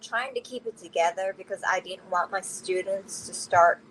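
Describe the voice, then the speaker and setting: A woman's voice: medium pitch, moderate pace, fairly bright tone, slight background noise, low-quality recording. A woman telling her personal story candidly as an interview guest, often laughing through difficult memories.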